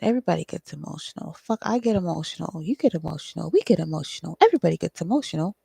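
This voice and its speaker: A woman's voice: fairly low pitch, sing-song, very fast, gravelly, dark tone, breathy edge, dry recording. A woman giving a casual solo tarot reading, thinking aloud in a loose, profane way with frequent ums. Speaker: tarot reader and psychic channeler.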